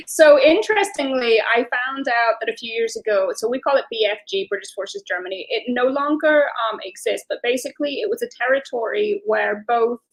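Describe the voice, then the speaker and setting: A woman from Northern Ireland with a Belfast accent is a talkative interview guest, giving long, flowing explanations in conversation. Her voice is on the high side and her pace normal, though the recording is rough.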